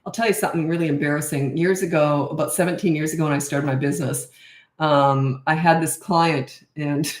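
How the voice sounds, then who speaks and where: A woman's voice: low voice, fairly even intonation, brisk. A middle-aged woman hosting a casual live Q&A as a parenting coach. She reads out viewer questions and answers them frankly and chattily into a camera mic. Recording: roomy echo.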